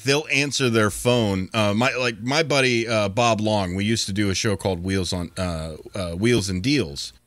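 A man's voice: lowish voice, fairly bright tone, no echo. A man co-hosting a sports talk show, telling stories in casual chat with frequent restarts and playful impressions. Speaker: co-host.

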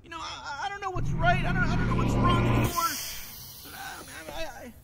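A man's voice: very high voice, steady tone, a little fast, creaky, heavy background noise. An actor playing an anxious teenage boy sidekick in a video game, stuttering and whiny, repeating his words. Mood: resigned. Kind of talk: video game character dialogue.

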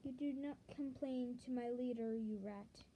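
A woman's voice: on the high side, normal speed, warm tone, a little hiss or hum, close to an everyday voice, poor audio. A woman voicing a menacing, cold man's voice from a nightmare, speaking in a solemn, commanding way.

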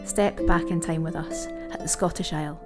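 A woman giving a measured, scripted narration for a vlog intro. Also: sits low, fairly even intonation. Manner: measured, reads smoothly. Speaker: show narrator. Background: loud harp music.

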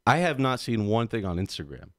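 Lage mannenstem, enthousiast vertellend. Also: male voice, on the low side, a little fast, no room sound, clean studio sound. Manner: animated storyteller, slips into mobster impressions. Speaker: podcast co-host. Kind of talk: casual chat.

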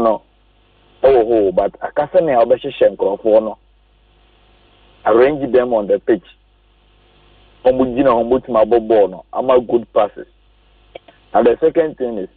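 A man calling a radio sports show, giving his opinion haltingly. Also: medium pitch, slightly rough, no room sound. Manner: halting, searching for words. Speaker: caller. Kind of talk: phone-in opinion. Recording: tinny phone line, distant.

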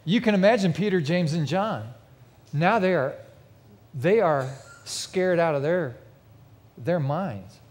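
A man's voice: on the high side, expressive, takes it slowly, darkish tone. A man preaching a sermon in a large church with a mezzanine, telling a vivid, emphatic story to his congregation. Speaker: pastor. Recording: long reverb of a big church hall.

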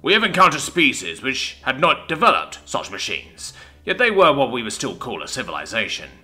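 Booming, domineering muscled alien commander, male, loud and blunt, voiced by a male narrator. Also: huge pitch swings, fairly quick, faint music behind, heavily acted. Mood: forceful. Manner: booming, forceful.

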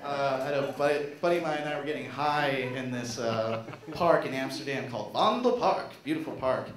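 On a small theater stage, a young man with a medium-pitched voice delivers self-mocking stand-up a little fast before a loud crowd. His animated act includes silly voices, and the audio carries a roomy stage sound.

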